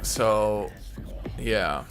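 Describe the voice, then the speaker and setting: A man streaming live, chatting casually and enunciating loudly into a desk mic. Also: animated, drawn-out words, music in the background. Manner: loud, enunciating into the mic, swings to a low normal voice.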